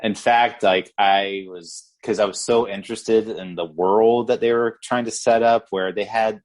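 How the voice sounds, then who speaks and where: A man's voice: on the low side, fairly even intonation, measured pace, a little mellow. A man co-hosting a podcast, chatting casually about a movie in a rambling way, with many restarts and "like". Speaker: podcast co-host. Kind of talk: casual movie review chat.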